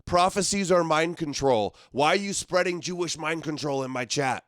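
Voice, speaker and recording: A sarcastic male livestream host who talks back to clips and chat in an exasperated tone. His voice sits a little high for a man, and the sound is dry and close, with no room around it. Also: moderate pace, a bit bright, no echo. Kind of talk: live commentary reacting to clips.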